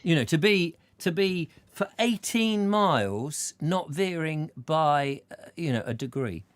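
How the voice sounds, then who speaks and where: A man hosting a casual chat show, rambling and joking with a very lively, swooping intonation. His voice sounds dry and close, with no room around it. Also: on the high side, measured pace, dry recording. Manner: rambling, playful, jokey. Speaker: show host.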